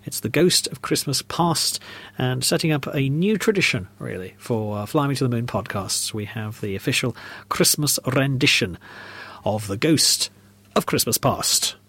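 Husky man chatting football. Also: mid-range voice, animated, normal speed, fairly bright tone. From North East England. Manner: rambling, hesitant, full of restarts. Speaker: podcast co-host. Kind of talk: casual football chat.

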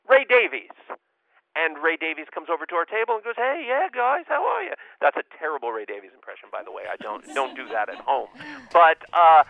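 A man on a remote line from Los Angeles, telling self-deprecating showbiz anecdotes in a casual, lively way. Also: on the high side, no echo, phone-quality sound. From United States. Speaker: guest storyteller.

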